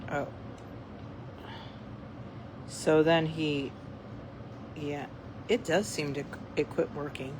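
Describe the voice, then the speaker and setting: An unhurried, middle-pitched voice chatting casually to camera and wandering through the story with plenty of "uh"s and restarts. The speaker is half-distracted, playing with cats using a laser pointer while talking. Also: level tone, background noise. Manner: rambling, with many fillers and restarts. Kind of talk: casual chat.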